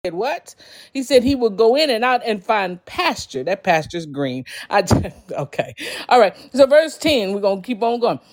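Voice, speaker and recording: A woman's voice: mid-range voice, sing-song, moderate pace. A woman preaching a sermon on a podcast, exuberant, laughing often and calling out to her listeners, at times speaking in tongues.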